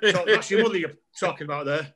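A middle-aged man spins comic anecdotes in a casual podcast chat. His voice sits a touch high, and he breaks into laughter and mimics other people as he goes. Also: fast, bright, forceful tone. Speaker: comedian guest.

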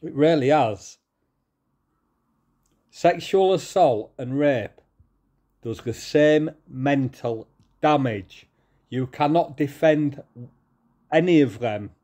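A middle-aged man in a heated, swear-filled rant, talking slowly and deliberately. His voice sits a little high but sounds dark and mellow. He keeps repeating himself and stops now and then to collect himself. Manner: heated, swearing, repetitive, pausing to calm himself. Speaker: vlogger. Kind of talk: angry rant to camera.

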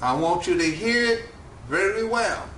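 A high-pitched man with a preaches slowly and deliberately, his bright voice lifting and dropping for emphasis. He sounds set back from the mic in a roomy, echoing space with faint ambience behind. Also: animated, a little hiss or hum. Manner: slow, emphatic preaching with rising and falling cadence. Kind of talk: sermon. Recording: echoey room, mic at a distance, faint ambience.

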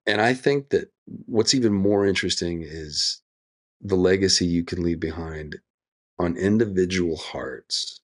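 A middle-aged man with a deep, low voice talks as an interview guest. He speaks earnestly and reflectively, slipping into lively quoted asides now and then. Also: measured pace.

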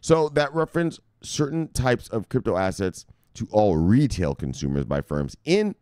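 A man's voice: fairly low pitch, big pitch swings, normal speed, no room sound, clean studio sound. Profane, ranting male news host. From United States. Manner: loud, swearing, laughs at own jokes, swings from shouting to muttering.

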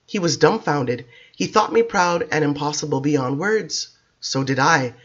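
Man, audiobook narrator, first-person gothic novel, dramatic and intense, fairly high voice, dull lo-fi sound. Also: expressive, normal speed, fairly bright tone. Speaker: audiobook reader.

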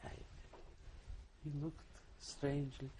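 An older woman recalling her past in an oral history interview, telling it vividly with halting restarts. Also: deep voice, level tone, dark tone, slight background noise. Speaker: Holocaust survivor giving testimony.

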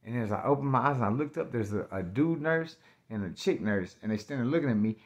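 A man with an ordinary middle-pitched voice tells his story in loose, slangy talk. He gets animated and acts out moments with sudden loud outbursts. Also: fast talker, lo-fi sound. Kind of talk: casual spoken storytelling.

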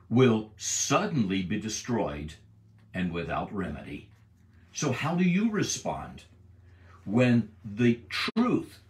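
A man giving a Bible lesson in a deliberate, emphatic way, asking his listeners rhetorical questions. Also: medium pitch, reverberant, recorded from a distance. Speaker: Bible teacher. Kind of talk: Bible teaching.

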